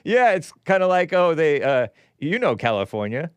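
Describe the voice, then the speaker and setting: A man's voice: fairly high pitch, very animated, normal speed, smooth, no room sound. A man hosting a call-in show, chatting casually and agreeably, chuckling often.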